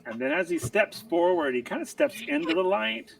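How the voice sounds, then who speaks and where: A man's voice: sits high, sing-song, normal speed, creaky, a bit bright, distant mic. A man narrating a tabletop game as game master, chatty and breaking into laughter often.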